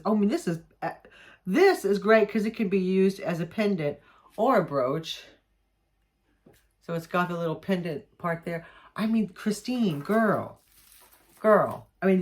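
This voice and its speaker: A woman chatting excitedly as she unboxes jewelry, gushing and often restarting her sentences. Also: lowish voice. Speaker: jewelry maker unboxing mail. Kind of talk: casual unboxing vlog chat.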